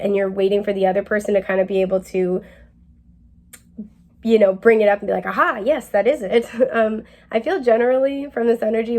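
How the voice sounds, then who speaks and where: Giggly chatty young woman with gravelly fry. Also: medium pitch, warm tone. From New England. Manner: chatty, giggly, rambling with many fillers. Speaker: tarot reader. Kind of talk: casual spiritual reading.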